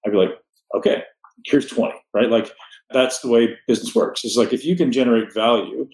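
A man's voice: medium pitch, a little fast, darkish tone. A man hosting a podcast, giving blunt, emphatic motivational advice. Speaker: podcast host. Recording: roomy echo.

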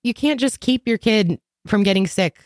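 A woman's voice: mid-range voice, animated, moderate pace, no echo, clean studio sound. A woman co-hosting a casual podcast chat, congested with a sore throat, rambling with lots of fillers. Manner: rambling, filler-heavy, laughs often. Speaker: podcast co-host.

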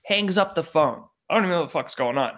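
A young man, a podcast guest, telling a story in an animated, profane way and acting out the quotes. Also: on the high side, fast talker. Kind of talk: casual storytelling.

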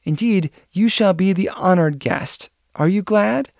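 A man's voice: sits high, normal speed, warm tone, no room sound, clean studio sound, pitched above the performer's own voice. A man voicing a shy, sweet young woman. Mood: shy, happy. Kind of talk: audiobook dialogue reading.

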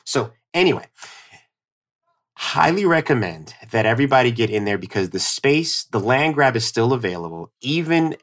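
A man's voice: medium pitch, sing-song, normal speed, fairly bright tone. A man with a New York accent, a podcast guest talking casually about content strategy, rambling with many fillers and restarts. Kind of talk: casual chat.

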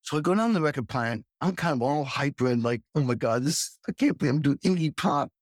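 A lively man hosts a casual chat, swinging his pitch widely as he tells stories. He acts out what others said in voices that jump high. His voice is fairly high and sounds dry and close. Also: quick pace, no room sound. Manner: animated storyteller, acts out quotes in high voices. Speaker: podcast host, drummer.

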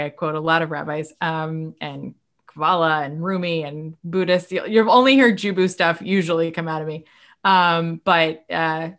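A woman talking as a guest on a podcast, animated and emotional, acting out quoted voices as she speaks. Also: deep voice. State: moved to tears at times. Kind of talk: casual podcast conversation.

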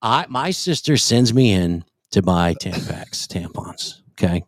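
A man in his forties telling a crude comic story on a podcast, profane and animated, acting out other people's lines. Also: low-pitched, a little slow, no room sound, clean studio sound. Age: 40s. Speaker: podcast co-host.

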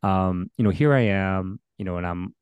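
A very low-voiced man talking in a casual podcast conversation. He is a pastor, and he speaks earnestly and thoughtfully, with frequent fillers and restarts. The recording is close and dry. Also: moderate pace, a little mellow, clean tone, no room sound.

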